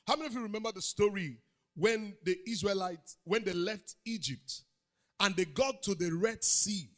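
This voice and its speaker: A pastor with a Nigerian English accent preaching a sermon in a church auditorium, calling out to the congregation and building up to shouted lines. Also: male voice, high voice, moderate pace. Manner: preaching with crowd call-outs, swelling into shouts.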